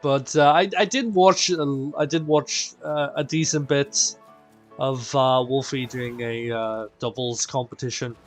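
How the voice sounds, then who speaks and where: A man's voice: medium pitch, measured pace. A man hosting a live stream, chatting playfully with his viewers. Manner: animated and playful, addressing chat as "people". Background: faint game music.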